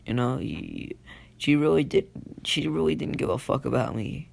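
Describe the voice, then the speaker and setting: A man's voice: medium pitch, animated, normal speed, gravelly. A man voicing a blunt young male ninja in a spoken fan story.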